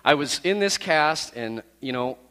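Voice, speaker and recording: A man who is a youth pastor, telling a personal story to his youth group in a lively, self-deprecating way. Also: fairly high pitch, measured pace, clear, resonant tone, big-room sound.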